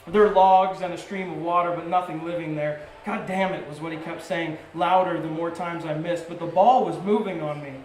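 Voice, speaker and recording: Brief: man, poet at a live reading, fairly high voice, measured phrasing, roomy venue sound. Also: fairly even intonation, a little mellow. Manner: measured, short-phrased delivery with rising intensity. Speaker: poet reading his work. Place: coffee shop and bar venue.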